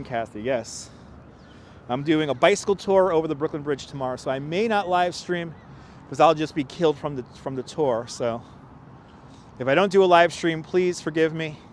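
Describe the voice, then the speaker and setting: A man's voice: on the high side, a little hiss or hum. Chatty man livestreaming outdoors in the cold. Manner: chatty, laughing often, reading viewer comments aloud. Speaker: livestream host and tour guide. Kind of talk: casual walking livestream chat. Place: outdoors in a city park at sunset, cold. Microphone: wireless clip-on mic.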